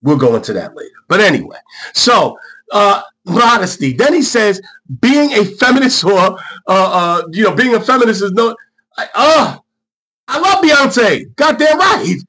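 A middle-aged man talks to his audience in a casual, motivational way, with a voice that sits fairly high for a man and swings widely in pitch. He is emphatic, laughs often, and repeats his points to drive them home. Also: big pitch swings, normal speed, bright, forceful tone.

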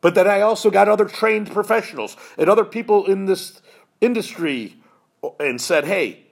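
A man in his fifties speaks in a husky voice that sits a little high for a man. He is an earnest podcast host telling a personal story with plain, heartfelt emotion. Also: expressive, normal speed. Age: 50s. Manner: earnest, emotional, choked up at times.

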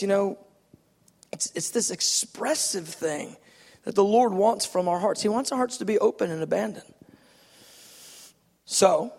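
A man's voice: high voice, in a large hall. A man preaching a sermon in a church, emphatic and repeating his phrases as he builds a point. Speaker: pastor. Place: church sanctuary.

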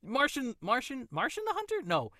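A man co-hosting a casual movie chat, animated and playful, sometimes slipping into voices to retell scenes. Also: extremely high pitch, normal speed, dry recording, studio quality. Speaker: podcast co-host.

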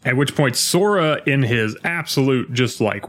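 A young man co-hosting a podcast, chatting casually about a video game and acting out lines with lively jumps in his voice. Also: mid-range voice, measured pace, hardly any pauses. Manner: animated, acts out game lines in a jumpy voice. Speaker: podcast co-host.

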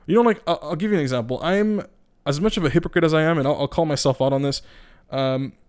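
A male podcaster ranting into his mic in a blunt, profane, rambling way, stumbling over restarts. His voice is smooth and resonant and sits slightly high for a man. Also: quick pace, a little mellow. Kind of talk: casual ranting monologue. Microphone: podcast microphone.

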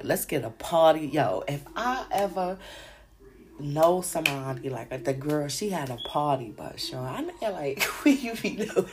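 A woman's voice: on the low side, darkish tone. A woman, a podcast host telling stories in a casual, slangy, profane way and acting out the people she quotes. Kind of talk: casual storytelling chat.

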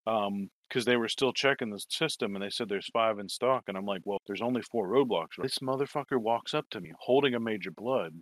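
A man's voice: on the low side, brisk, hardly any pauses, fairly bright tone, no echo. A man telling a long story in casual chat, swearing and rambling, acting out quoted lines. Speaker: toy collector telling a story.

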